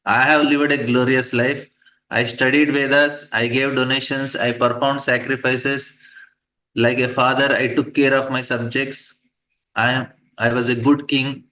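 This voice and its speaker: A fallen king, full of pride, who rails and boasts even in defeat, as a man reads his words aloud in a scripture class. The recording is dull and lo-fi. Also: medium pitch, unhurried. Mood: boastful. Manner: indignant, boastful retelling. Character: proud defeated male king, defiant and boastful.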